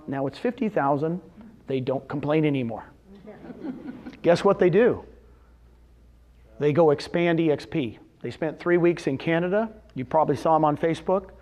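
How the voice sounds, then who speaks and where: An energetic middle-aged man giving a motivational business talk, firing questions at the audience and answering them himself. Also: on the high side. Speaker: real estate brokerage executive speaking at a company event.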